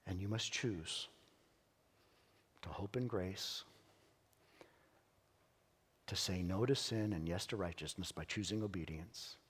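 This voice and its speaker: A pastor preaching a sermon in a church, telling stories earnestly and emphatically with dramatic pauses. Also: male voice, low-pitched, husky. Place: church sanctuary. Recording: long church hall reverb.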